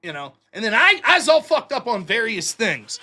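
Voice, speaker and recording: A man with a very high, bright voice hosts a live stream and tells rambling, profane anecdotes. His pitch swings widely as he talks, and the delivery is loose and casual. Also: big pitch swings, moderate pace. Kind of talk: casual storytelling.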